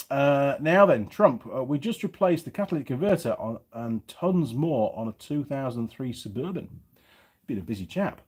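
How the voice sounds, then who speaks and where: A medium-pitched, somewhat mellow male voice with a breathy edge belongs to a middle-aged man from England. He runs a YouTube mechanic channel and chats casually on a livestream, reading viewer comments aloud, his Yorkshire accent partly faded.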